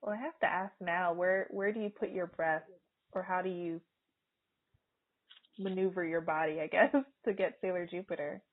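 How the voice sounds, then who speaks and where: A woman hosting a fan podcast, asking questions and encouraging her guest with soft hums. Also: on the low side, steady tone, moderate pace. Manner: encouraging, frequent soft back-channel hums. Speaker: podcast host. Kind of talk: interview questions. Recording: phone-like lo-fi call audio.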